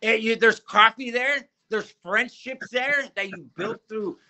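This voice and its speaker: A man giving a fervent personal faith testimony in an interview, halting and often repeating his words. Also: very high-pitched, sharp tone, rough recording.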